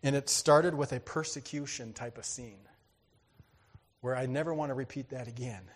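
A man preaching a sermon, telling a story with lively energy, acting out voices and laughing often. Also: mid-range voice, moderate pace. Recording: hall reverb.

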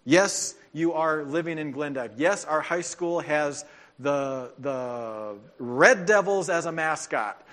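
A man preaching a sermon as pastor, telling stories with animation and dropping into soft, earnest tones. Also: on the high side, slow pace.

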